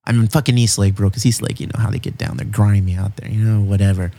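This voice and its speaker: A man hosting a casual chat, telling stories in an animated, profane way, full of slang. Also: lowish voice, quick pace, gravelly. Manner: animated, profane storytelling with lots of "bro" and "dude". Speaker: podcast host.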